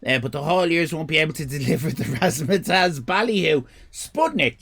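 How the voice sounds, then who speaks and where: An Irish man hosting a live stream, chatting casually with viewers, swearing and joking in animated rants. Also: on the high side, normal speed, creaky. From Ireland. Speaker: livestream host.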